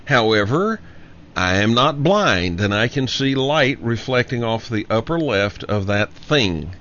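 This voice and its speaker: A man delivers an emphatic solo commentary as host of his own show. He slows down to repeat his main points for weight. His voice sits at an ordinary pitch, and the recording sounds a little dull and lo-fi. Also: sing-song, fairly bright tone. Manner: emphatic, repeats key lines slowly for effect. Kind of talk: monologue commentary. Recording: dull lo-fi audio.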